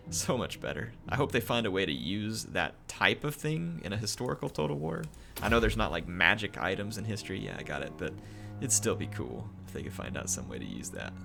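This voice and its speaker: A man with a lowish voice talks through a strategy battle, his pitch leaping around as he chats and cheers. Game music plays clearly behind him. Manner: excitable, chatty, cheering at big moments. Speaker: gameplay commentator. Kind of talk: let's-play commentary.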